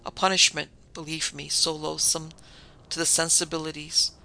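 This is a man reading a desperate noblewoman who begs in formal, tragic phrases, as in a gothic storybook. The voice is bright and gravelly, fairly high, and kept level in pitch. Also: exaggerated voice. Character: anguished noblewoman pleading with her old love.

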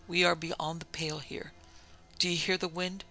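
A man's voice: on the high side, little pitch movement, normal speed, pushed and bright, faint music behind. A man reading aloud voices a frightened host who moans and pleads not to be left alone. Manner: moaning, pleading.

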